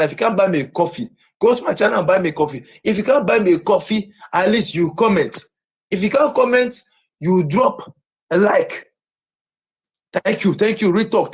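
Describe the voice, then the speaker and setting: A man ranting on a livestream, his high, husky voice swinging wildly up and down. He shouts and repeats himself in agitation.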